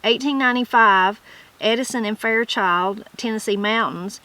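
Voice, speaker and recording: Appalachian lady reading old dictionary entries then chatting about em, clear bright tone. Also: mid-range voice, normal speed, dry recording, rough recording. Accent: Southern Appalachian. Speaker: channel host. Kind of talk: casual explanation of regional words.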